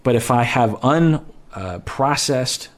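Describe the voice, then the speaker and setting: A man who works as a therapist, explaining ideas in a measured way and correcting himself as he thinks aloud. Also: mid-range voice, expressive. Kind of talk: explanatory podcast talk.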